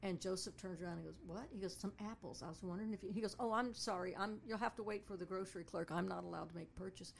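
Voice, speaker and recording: Gravelly-voiced woman telling a story. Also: mid-range voice, fast talker, hardly any pauses, slight background noise. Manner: animated, acts out voices of people in her stories. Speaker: storyteller and tour guide. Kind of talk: casual storytelling.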